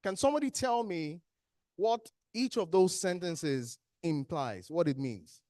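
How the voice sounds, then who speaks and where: A trainer speaking Nigerian English leads a workshop in a training hall, quizzing the audience in an animated way by asking questions and then answering them. The voice is mid-range and unhurried. The studio sound is clean, with no echo.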